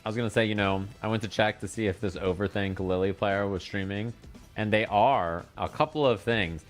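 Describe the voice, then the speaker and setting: A male esports commentator with a lowish voice, easygoing and conversational. Music plays clearly behind him. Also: a little fast. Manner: laid-back, conversational.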